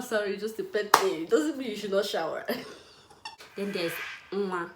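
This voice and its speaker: A young woman teaching Igbo words in a casual, playful way, laughing often and repeating words slowly. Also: mid-range voice, animated, echoey room, heavy background noise. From Nigeria, Igbo. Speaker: language teacher. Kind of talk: casual language lesson.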